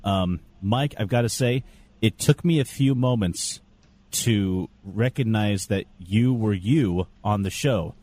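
Low-voiced man teasing his co-host. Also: slow, a little mellow. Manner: teasing, laughs often. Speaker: podcast co-host. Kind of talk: casual podcast chat.

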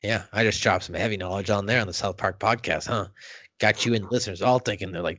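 A man's voice: lowish voice, fairly even intonation, fast, fairly bright tone, no echo. A man hosting a podcast, chatting casually with rambling jokes and crude language. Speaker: podcast host. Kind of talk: casual chat.

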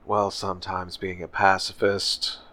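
A man's voice: sits low, flat delivery, measured pace, a crowd in the background. A man playing a tabletop role-playing game, dry and exasperated. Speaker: player.

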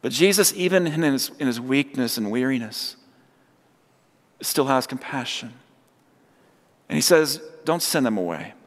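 A man's voice: medium pitch, measured pace, pauses often. Man preaching in a reverberant hall. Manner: storytelling, acts out quoted voices. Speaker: pastor. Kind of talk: sermon.

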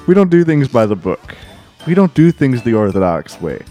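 A man's voice: medium pitch, very animated, normal speed, mellow, soft background music. A young man co-hosting a casual comedy podcast, joking, rambling and laughing often. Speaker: podcast co-host.

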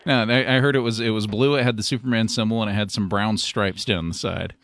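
A man's voice: fairly low pitch, fairly even intonation, quick pace, fairly bright tone, no room sound. A man co-hosting a radio talk show, dropping dry wisecracks. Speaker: radio co-host.

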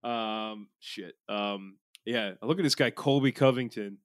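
Rambling Philly podcast host, dry mic. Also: male voice, lowish voice, unhurried, dry recording. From Philadelphia, USA. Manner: rambling, swearing, with many filler sounds. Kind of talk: casual podcast banter.

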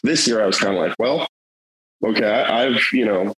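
Low, husky-voiced man telling a story. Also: normal speed, fairly bright tone, low-quality recording. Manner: rambling and earnest, with many fillers and restarts. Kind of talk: casual storytelling.

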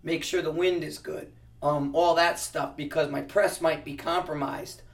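A man's voice: fairly high pitch, steady tone, measured pace, recorded from a distance. A man who teaches precision rifle shooting, answering interview questions casually and explaining with practical analogies, often restarting his sentences.

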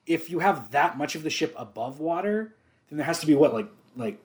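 A man's voice: fairly high pitch, lively intonation, brisk. A man co-hosting a podcast, talking casually and enthusiastically about a film, laughing often and swearing freely. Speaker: podcast co-host.

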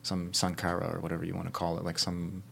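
Deep voiced guy thinking out loud, casual convo, kinda searching for words. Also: completely flat delivery, fast, gravelly, slight background noise. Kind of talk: casual chat.

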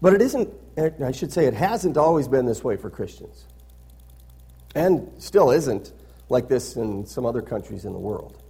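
A man's voice: medium pitch, very animated, measured pace, vocal fry, dark tone, slightly rough. A man preaching a sermon as pastor, reading scripture aloud with rising emphasis and adding conversational asides that end in "right?".

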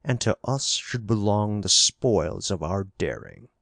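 Male narrator doing a low, defiant alien conqueror, insolent, boastful, for a storybook read. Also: animated, unhurried, gravelly, a bit bright, dry recording, studio quality, exaggerated voice. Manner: bold and insolent. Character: arrogant alien conqueror, young man, defiant.

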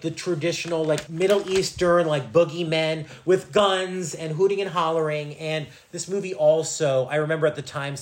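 Chatty man recapping old movies. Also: a little high. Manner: animated, swearing, acts out quotes. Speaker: podcast co-host. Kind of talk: casual movie chat.

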